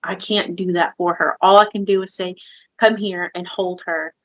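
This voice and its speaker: A woman's voice: on the low side, steady tone, normal speed, fairly bright tone. Woman podcast co-host, candid and emotional, slightly muffled audio. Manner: open, emotional, heavy filler "like". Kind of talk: candid personal conversation.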